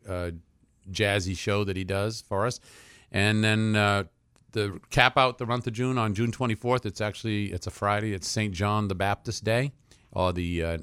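A man's voice: fairly low pitch, steady tone, normal speed, pushed and bright, clear, resonant tone, no echo, clean studio sound. A man speaking for a community center on a radio show, chatty and full of fillers. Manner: chatty, filler-heavy, promotional, laughs easily. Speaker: nonprofit center representative, guest. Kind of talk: casual radio chat.

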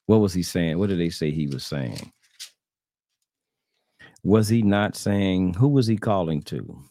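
A man's voice: low voice, animated, unhurried, dark tone. A man, hosting a religious podcast and preaching in a rhetorical, repetitive questioning style to his listeners. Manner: rhetorical, repetitive questioning, addresses "brothers and sisters". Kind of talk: preaching-style commentary to online audience. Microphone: screen-sharing computer setup.

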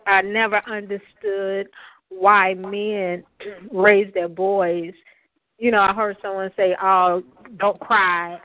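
A woman's voice: medium pitch, no echo. A woman calling in to a radio talk show, speaking hesitantly with many fillers. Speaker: caller. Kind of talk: call-in comments. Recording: dry tinny phone line.

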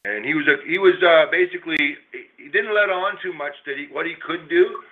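A man's voice: a little high, animated, a little fast. Middle-aged man rambling over a tinny line. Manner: rambling storyteller, swears freely. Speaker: small business owner. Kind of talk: casual chat. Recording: tinny phone-like line, faint hiss.

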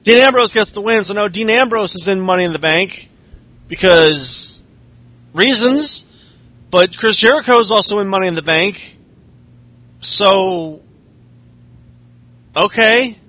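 A man's voice: high voice, unhurried, long pauses, sharp tone, dry recording. A man casually recapping wrestling shows in a sardonic, profane way. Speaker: podcast host.

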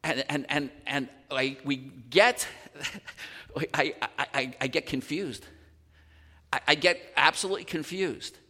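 Animated pastor in a reverberant hall. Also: male voice, medium pitch, takes it slowly. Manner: animated storyteller, many restarts and stammered repeats. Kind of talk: sermon with personal story. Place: church sanctuary.

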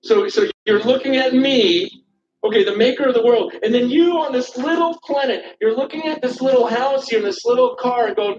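A man's voice: very high-pitched, normal speed. A man preaching a sermon, urgent and impassioned, often repeating words as he restarts a thought. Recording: echoey, distant, dull church recording.

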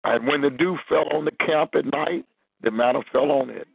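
Male minister, phone-line sermon, raspy, fairly high-pitched, very dry sound. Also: normal speed, no echo. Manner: preaching, reading scripture aloud.

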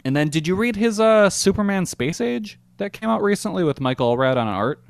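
A man's voice: high voice, lively intonation, moderate pace, creaky, no room sound. A man co-hosting a podcast in casual chat, easygoing and chuckling along. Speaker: podcast co-host.

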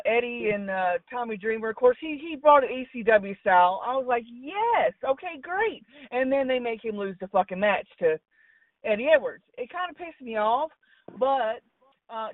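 A woman's voice: fairly high pitch, dry recording. Blunt, cussing woman on a phone line. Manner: blunt, opinionated, swears freely. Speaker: call-in wrestling commentator. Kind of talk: casual call-in chat. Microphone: phone call. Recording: tinny phone line, far from mic.

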